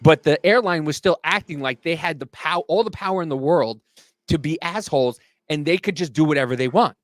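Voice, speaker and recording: A man co-hosting a casual chat, telling a story in an animated, swearing way and acting out angry quotes. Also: fairly high pitch, fairly quick, no echo. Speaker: podcast co-host.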